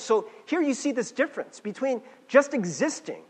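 A man with a notably high voice gives a classroom lecture, his pitch swinging widely as he talks. He keeps it conversational and often asks the room a quick "right?". His voice rings out with a long hall reverb. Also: very animated, slightly rough. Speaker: teacher.

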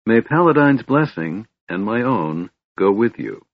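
Audiobook role: a man reading a calm older cleric, fatherly and firm, low husky voice, dull dry sound. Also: unhurried, no room sound, full character voice. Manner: gentle but firm, fatherly.

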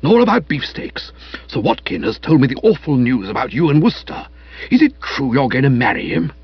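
A hulking, domineering man, voiced by a male reader, who blusters in a husky, raspy voice, lurching between highs and lows. The audiobook recording is dry and a little muffled. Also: sing-song, fairly quick, no room sound. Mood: blustering.

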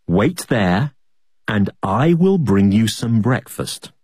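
Brief: woman quoting a hotel receptionist in a lower, husky, slow voice, dry sound. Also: very animated, darkish tone, dry recording, heavily acted. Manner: slow, deliberate read-out quotes. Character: female hotel receptionist, read out.

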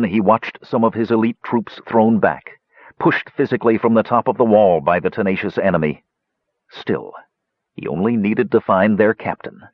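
Expressive male fantasy narrator, husky voice. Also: lowish voice, no echo, lo-fi sound. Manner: expressive storytelling. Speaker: audiobook narrator.

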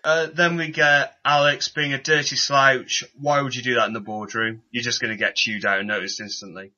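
A man's voice: medium pitch, little pitch movement, brisk, pushed and bright, muffled recording. A man co-hosting a podcast, chatting casually about a TV show and joking and laughing often. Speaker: podcast co-host.

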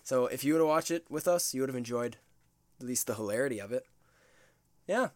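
A man's voice: mid-range voice, animated, fairly quick, dry recording. A man hosting a casual podcast, chatty and laughing between phrases. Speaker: podcast host.

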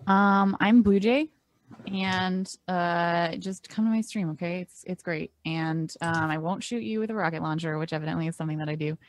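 A woman's voice: lowish voice, moderate pace. A woman who plays in a tabletop game and streams, talking casually in a playful, rambling way. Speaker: player and streamer. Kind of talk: casual chat.

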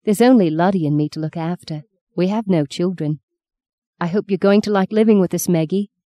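A woman's voice: fairly low pitch, a little fast, dark tone, no room sound, lightly acted. A woman voicing a chatty, frank Australian farm wife with an Australian accent in a storybook reading. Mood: breezy.

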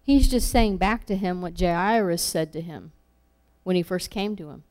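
A woman's voice: lowish voice, moderate pace, darkish tone. A woman preaching a sermon, earnest and repeating key phrases for emphasis.

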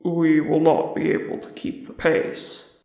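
A grave dwarf king speaks quietly and wearily, read by a single narrator. The voice is gravelly and slow, in a storybook reading. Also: mid-range voice, monotone, reverberant. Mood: weary.

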